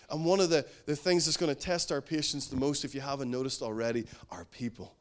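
Male pastor, middle-aged, earnest sermon delivery, voice sits a bit high, rises and falls for emphasis. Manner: earnest, builds to emphatic bursts then drops low and slow.

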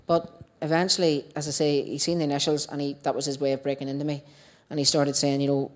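A woman's voice: low voice, flat delivery, a little fast. A woman with a Northern Irish accent giving a personal testimony to a church group, telling her story in a chatty way and acting out her own past dialogue.

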